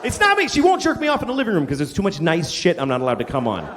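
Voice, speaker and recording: A male stand-up comedian telling crude, exasperated stories and swinging into loud rants on stage. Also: a little high, wildly swooping pitch, racing. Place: comedy stage before a live audience. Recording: live hall with crowd laughter and noise.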